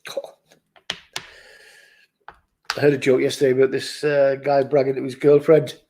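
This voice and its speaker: Gravelly man chatting casually. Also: medium pitch, level tone, moderate pace, warm tone, low-quality recording. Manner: chatty, jokey, muttering asides. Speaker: vlogger. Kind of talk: casual rambling chat to camera. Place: his office, indoors.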